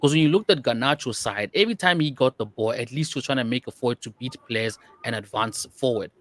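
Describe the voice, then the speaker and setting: A man's voice: medium pitch, fast, fairly bright tone. A man co-hosting a football podcast in casual chat, rambling with lots of "you know" and restarts. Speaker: podcast co-host.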